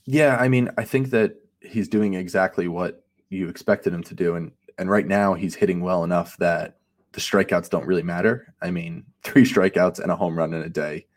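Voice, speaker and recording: A man co-hosting a casual sports chat, relaxed and analytical, with many fillers like um and you know. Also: deep voice, moderate pace. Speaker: podcast co-host and fantasy analyst.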